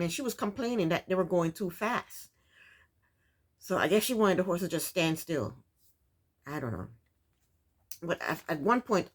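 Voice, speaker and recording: Woman host, casual recap chatter, blunt and opinionated. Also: fairly low pitch. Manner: opinionated, chatty, rhetorical asides to the cast.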